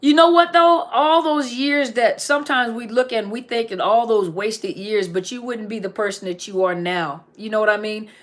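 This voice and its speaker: A woman's voice: medium pitch, fairly even intonation, normal speed, few pauses. A middle-aged woman counselor on a casual live stream, reading viewer comments aloud and answering them, often repeating key phrases for emphasis.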